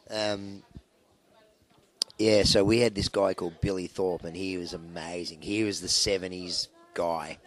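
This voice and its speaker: Deep-voiced rocker telling stories. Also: male voice, fairly even intonation, measured pace. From Australia. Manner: rambling, anecdotal, with many fillers and restarts. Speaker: rock band musician interviewed. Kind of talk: casual interview storytelling.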